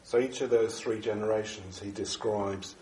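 A very low-voiced man, audibly stuffed up with a cold, gives a dharma talk to a small group. He speaks haltingly, circling back with fillers and restarts. The echoey room has a faint hum of ambience behind him. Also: fairly even intonation, dark tone. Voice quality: bunged up, nasal. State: congested from a cold. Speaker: Buddhist teacher giving a talk.

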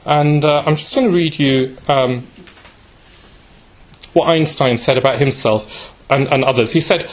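This man delivers a contemplative spiritual talk at a slightly slow pace, leaving long pauses as he unhurriedly recounts a story. Fillers come often, along with a habitual "yeah?", and he alters his pitch for each person in the tale.

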